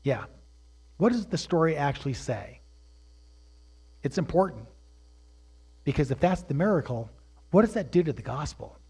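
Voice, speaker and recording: A man teaching a sermon, asking rhetorical questions and swinging between hushed, drawn-out phrases and loud, emphatic preaching. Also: on the high side, very animated, slightly rough.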